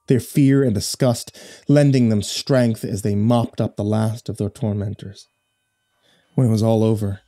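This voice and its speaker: Low, mellow male horror narrator. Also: no room sound, clean studio sound. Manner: measured storytelling delivery.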